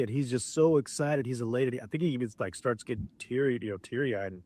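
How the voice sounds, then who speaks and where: A man's voice: mid-range voice, fast, no room sound. Man eagerly retelling a documentary. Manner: excited retelling, quotes people. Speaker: podcast co-host. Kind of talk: casual recap of a documentary.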